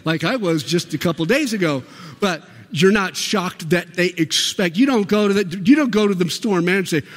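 A man's voice: high-pitched, lively intonation, normal speed, big-room sound. A man preaching a sermon in a church, emphatic and full of rhetorical questions to the congregation. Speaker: pastor. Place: church sanctuary.

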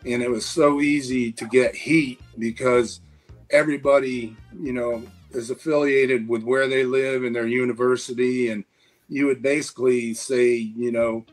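A man's voice: mid-range voice, steady tone, normal speed, soft background music, low-quality recording. A man in his sixties, a guest and former wrestler, telling casual anecdotes with lots of fillers. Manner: rambling anecdotes with frequent fillers. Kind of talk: casual storytelling.

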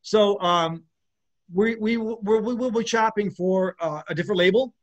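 A man's voice: sits high, normal speed, highs cut off. A middle-aged man, a guest musician, talking loosely in an interview with lots of restarts. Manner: rambling, with many restarts and laughs. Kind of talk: casual interview chat.

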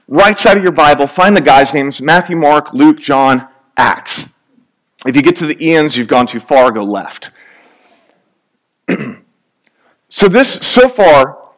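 A man's voice: on the high side, a bit bright. A man preaching a sermon in a conversational, joking way, acting out little scenes.

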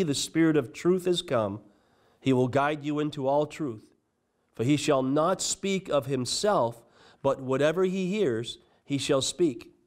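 A man's voice: medium pitch, a little mellow. A man preaching a sermon as pastor, reading scripture aloud and stressing key phrases with earnest emphasis. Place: church.

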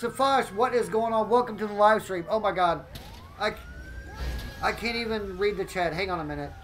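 A man giving excitable live gameplay commentary as a streamer, often exclaiming and greeting his chat. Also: high voice, normal speed, a little hiss or hum, rough recording.

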